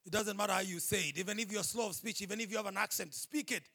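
A man preaching a sermon, impassioned and rising to shouts. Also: high-pitched, fast, vocal fry.

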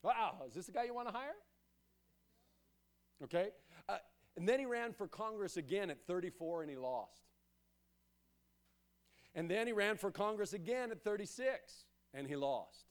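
A man preaching a sermon as pastor, emphatic and repetitive, building to loud exhortations. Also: sits high, expressive, moderate pace, pauses often.

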